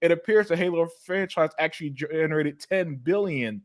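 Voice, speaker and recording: A man's voice: on the high side, normal speed. A man hosting a casual opinion chat, combative, often repeating his words.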